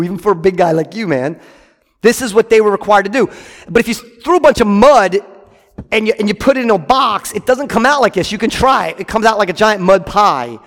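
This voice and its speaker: A man preaching a sermon as pastor, emphatic and conversational, with asides to his congregation. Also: high voice. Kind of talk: sermon with scripture reading. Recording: reverberant hall.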